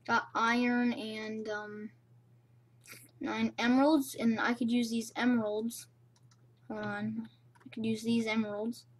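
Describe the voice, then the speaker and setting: A young woman casually commenting on her own gameplay, rambling and playful, recorded on a cheap low-quality mic. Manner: rambling, playful, self-chatting. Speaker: gamer.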